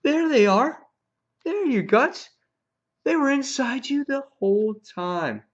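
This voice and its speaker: A man putting on a swaggering, brutal villain who mocks in loose slang. The voice sits fairly high for a man. The recording is dull and lo-fi. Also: very animated, moderate pace, fairly bright tone. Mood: mocking.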